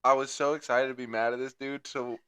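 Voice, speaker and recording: A man's voice: medium pitch, flat delivery, a little fast, fairly bright tone, clear, resonant tone, dry recording. A young man co-hosting a podcast, telling rambling stories in casual chat and swearing heavily. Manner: crude rambling storyteller, heavy swearing. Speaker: podcast co-host.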